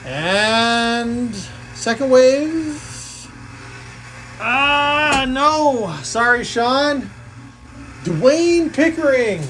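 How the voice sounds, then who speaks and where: A woman with a high, fairly bright voice hosts a live coin-pusher game stream, calling plays and counting score totals aloud in a playful, jokey way. Her intonation is lively, she draws out words and pauses often, and the poor audio carries a little hiss or hum.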